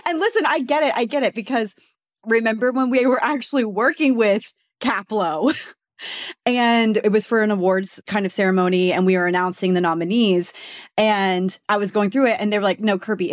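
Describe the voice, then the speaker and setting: A young adult woman co-hosting a casual chat show, animated and quick to laugh. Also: medium pitch, dry recording, clean studio sound. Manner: animated, laughing often, playful. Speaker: podcast co-host.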